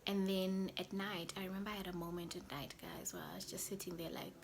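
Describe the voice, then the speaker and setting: A young woman vlogger telling a personal story in a chatty way, often dropping to a soft whisper. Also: mid-range voice, fairly even intonation, fast talker, few pauses, slight background noise. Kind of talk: casual storytelling to camera.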